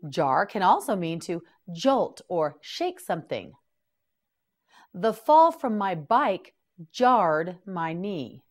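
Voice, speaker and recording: A woman teaching English vocabulary to beginners in a scripted drill, slowly repeating each word and prompting the listener to say it back. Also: lowish voice, sing-song.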